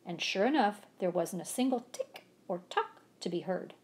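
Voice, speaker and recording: A woman reads a children's storybook aloud in an animated, expressive way. Her pitch rises and falls freely, and she acts out the sound effects with relish. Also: normal speed, hardly any pauses.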